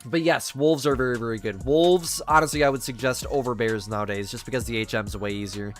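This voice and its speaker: A man's voice: mid-range voice, brisk, faint music behind. A man hosting a live game stream, casually chatting with viewers and reading their messages in a chummy, laid-back way. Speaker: livestream host.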